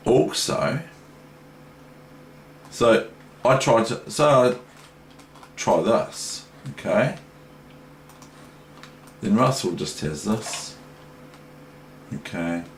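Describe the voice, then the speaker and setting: A man's voice: fairly low pitch, animated, extremely slow, pauses often. A man teaching chess, talking through a game in a chatty, rambling way with many asides. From New Zealand. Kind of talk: casual chess lesson analysing a game. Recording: echoey room with faint noise.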